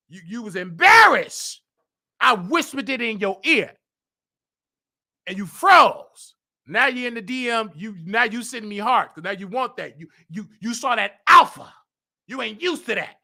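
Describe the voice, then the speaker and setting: Flamboyant man host, bright voice. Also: very high-pitched, very animated, normal speed, creaky. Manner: flamboyant, dramatic, jumps between loud bursts and hushed asides. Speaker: show host. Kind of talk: casual storytelling monologue.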